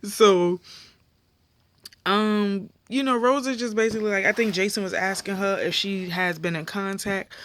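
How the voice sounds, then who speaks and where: A woman's voice: mid-range voice, moderate pace, a bit bright, slight background noise. A woman vlogger recapping a reality show episode in a casual, slangy way with lots of fillers, sounding tired. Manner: chatty, slangy retelling full of fillers.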